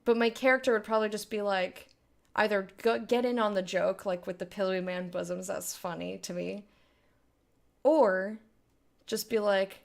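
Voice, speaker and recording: A woman's voice: mid-range voice, moderate pace, creaky. A woman hosting a blind let's play, giving casual, emotional commentary on a game. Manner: emotional, chatty reactions.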